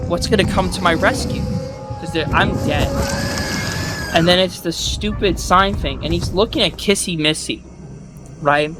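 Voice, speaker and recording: A man casually recapping a game he played, rambling and swearing, acting out his own thoughts with loud outbursts, with loud music behind. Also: fairly high pitch, rough recording. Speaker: gaming video host.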